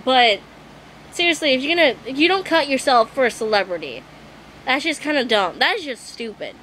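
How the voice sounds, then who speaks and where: High-voiced young woman ranting to camera. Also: lively intonation, fairly quick, a bit bright, a little hiss or hum, low-quality recording. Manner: exasperated, swearing, apologetic. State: losing her voice. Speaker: vlogger. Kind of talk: ranting vlog monologue.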